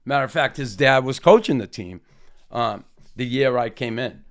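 Man, 60s, gravelly voice, animated storytelling, acts out quotes. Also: mid-range voice, normal speed. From Boston area. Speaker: former hockey player. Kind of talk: anecdotal storytelling.

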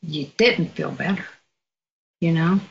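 A woman's voice: low voice, slow, creaky, highs cut off, a little hiss or hum. An older woman from Virginia with a Southern accent, telling stories in a casual interview, outspoken and laughing often. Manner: outspoken, laughing, folksy storytelling. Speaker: guest.

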